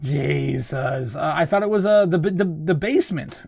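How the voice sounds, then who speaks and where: A man hosting a casual livestream, reading news and chatting with viewers, full of fillers and quick laughs. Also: a little high, animated, creaky, a little mellow, husky. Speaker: crypto show host.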